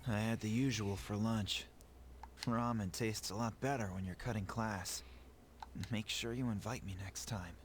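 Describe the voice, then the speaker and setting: A man voicing a grieving young fighter, low-voiced. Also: steady tone, moderate pace, a little hiss or hum, lightly acted. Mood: casual teasing. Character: grieving young male student fighter, stubborn and proud. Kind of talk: game voice acting. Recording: game audio with music behind.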